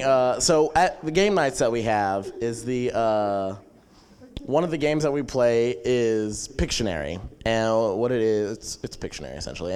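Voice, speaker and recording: A young man casually telling a funny camp story, animated and laughing as he goes. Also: fairly low pitch, clear, resonant tone. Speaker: camp attendee sharing a testimony.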